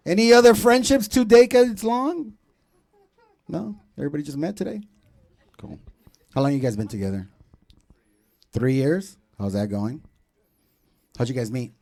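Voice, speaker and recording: Male stand-up host, thirties, high lively voice, gravelly edge, profane crowd banter on a club stage. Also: normal speed, pauses often. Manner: loud, profane, teasing banter with the audience. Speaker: comedy show host.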